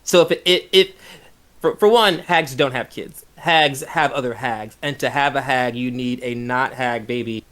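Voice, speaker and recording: A man's voice: medium pitch, moderate pace, fairly bright tone. A man running a tabletop game as game master, talking in a loose, rambling, jokey way.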